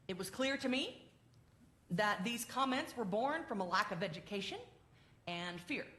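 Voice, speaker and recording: A woman minister giving an animated, heartfelt address to her congregation and quizzing them along the way. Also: mid-range voice. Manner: animated, quizzes the congregation, grows tender and emotional. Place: church sanctuary. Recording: echoey sanctuary.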